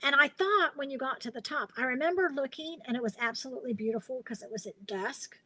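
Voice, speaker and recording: Middle-aged woman, chatty live-stream craft host, slightly high pitch, loose storytelling. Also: fast talker, sharp tone, rough recording. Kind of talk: casual live-stream chat.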